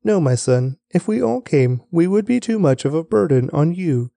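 King David, gently refusing, read by a man. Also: on the high side, lively intonation, moderate pace, gravelly, no echo. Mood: gentle. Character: aging King David, fatherly.

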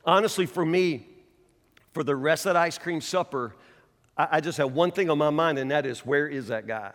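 A man preaching a sermon, telling a folksy story with animated, loud bursts and saying y'all. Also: on the high side, normal speed. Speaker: pastor. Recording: long hall reverb.

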